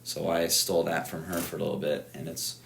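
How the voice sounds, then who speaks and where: A low-voiced man hosts a relaxed catch-up conversation, rambling a bit and teasing his friend. He leans on "like" as a filler. A faint background hum runs under his voice. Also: a little fast, vocal fry. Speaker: host. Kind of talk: casual chat.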